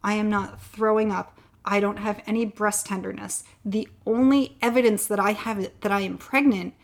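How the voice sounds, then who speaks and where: A woman's voice: medium pitch, fairly even intonation, normal speed, gravelly. A woman in an interview, candidly telling a long personal story and getting choked up at times. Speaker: guest sharing her fertility story.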